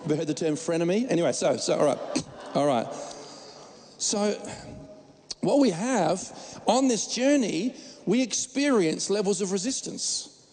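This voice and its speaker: A man preaches from the pulpit with a high, gravelly voice. He is emphatic and jokey and restarts his words often. His voice carries a long reverb from a church hall. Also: lively intonation, unhurried, a little mellow, slight background noise. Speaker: pastor. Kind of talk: sermon.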